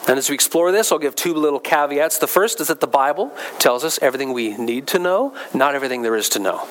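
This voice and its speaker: Male pastor, slightly higher voice, chatty sermon delivery, builds up when stressing points. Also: expressive, fast talker. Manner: conversational preaching with asides and restarts; rises in pitch and force when stressing a point.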